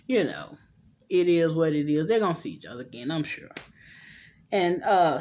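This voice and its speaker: A middle-aged woman hosts a show recap, casually going over a TV episode, voicing the characters' lines and tossing in slangy, animated asides. Her voice is medium in pitch.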